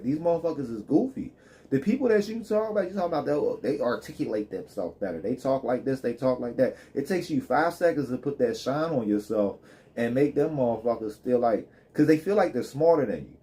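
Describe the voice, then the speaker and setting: A man's voice: medium pitch, very animated, brisk, dark tone. A man live streaming, ranting in loose, joking street slang with plenty of swearing. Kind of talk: casual profane rant.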